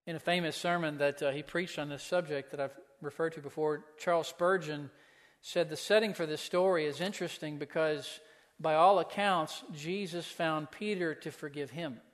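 A man's voice: fairly high pitch, fairly even intonation, normal speed. A man preaching a sermon as pastor, earnest, asking the listeners pointed questions. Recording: long hall reverb.

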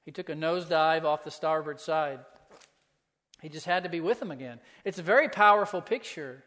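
A man's voice: a little high, fairly quick, fairly bright tone. A man preaching a sermon as pastor, earnest, asking the listeners pointed questions. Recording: long hall reverb.

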